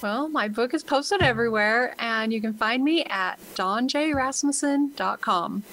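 A woman's voice: a little high, unhurried, fairly bright tone, rough recording. A woman guest on a panel, giving brief, upbeat answers. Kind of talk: casual chat.

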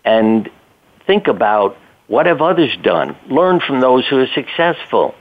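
Over a tinny phone connection, an older man who is a physician and interview guest swaps casual stories, plainspoken and sprinkled with the occasional curse. He speaks at medium pitch, very animated yet unhurried.

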